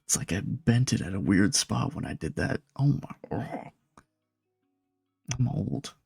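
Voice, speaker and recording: A young man streaming live, bantering and joking with his chat in a relaxed, casual way. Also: lowish voice, moderate pace, creaky, breathy edge, no echo, clean studio sound, faint music behind. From Nebraska, USA.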